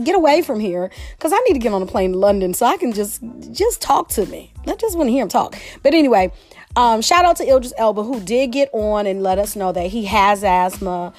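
A woman's voice: a little high, big pitch swings, brisk, darkish tone, soft background music. A woman hosting a casual solo podcast, talking in a chatty, exclamatory way. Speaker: podcast host.

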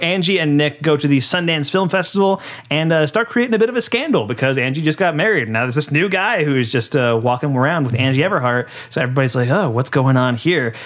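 A man's voice: on the high side, expressive, quick pace, hardly any pauses, a bit bright. Laid-back man recapping a movie. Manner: laid-back, many fillers, laughs while retelling scenes. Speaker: podcast co-host. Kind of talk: casual chat recapping a film.

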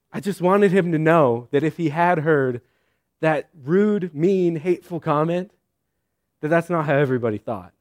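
Lively, joking man preaching. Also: a little high. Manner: conversational, joking asides, lively storytelling. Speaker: pastor. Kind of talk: sermon.

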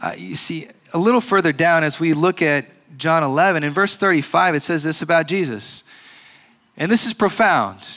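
A man preaching a sermon as pastor, earnest and measured, pausing and restarting often. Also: fairly high pitch, expressive, a bit bright. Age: adult with a grandfather recently passed.

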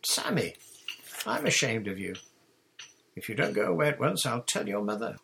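A man's voice: mid-range voice, fairly bright tone, slight background noise, voice pushed up, close to an everyday voice. A man reading a storybook, voicing a bold, bossy girl who leads her friends like a pirate captain. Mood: commanding. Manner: commanding, brisk, dramatic.

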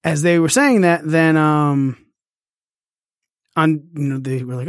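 Excited, profane man recapping wrestling. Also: on the high side, slow pace, no room sound, studio quality. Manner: excited, profane, acts out quoted lines. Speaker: wrestling podcast host. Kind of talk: casual recap commentary.

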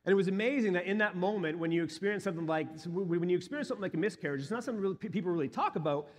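A man's voice: high voice, very fast, hardly any pauses. A male pastor in his thirties or forties giving a sermon, telling a personal story earnestly and building to emphatic peaks.

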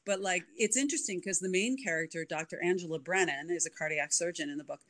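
A woman author chatting as an interview guest, animated and full of ums. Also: fairly low pitch, fast talker. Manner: animated, many ums, demonstrates voices. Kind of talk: casual interview chat.

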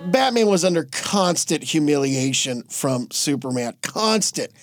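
High-voiced man telling crude comedy stories. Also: measured pace, soft background music. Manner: animated, acts out characters mid-story; swears freely, laughs at own jokes. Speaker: podcast co-host. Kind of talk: comedic storytelling chat.

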